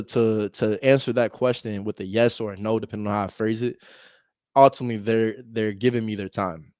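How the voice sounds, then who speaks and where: A man's voice: lowish voice, darkish tone, dry recording, clean studio sound. A young American man who wholesales real estate, chatting casually between cold calls, laid-back and slangy, laughing often and calling viewers "bro". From United States. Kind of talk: casual vlog talk between phone calls.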